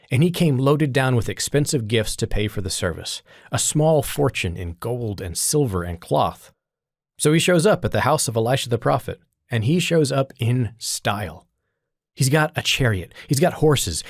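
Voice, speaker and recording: A man hosts a scripted devotional podcast and retells a Bible story with emphatic, conversational storytelling. His pitch moves a lot, rising and falling with the story. The recording is close and dry, with no room sound. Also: no room sound. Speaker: podcast host.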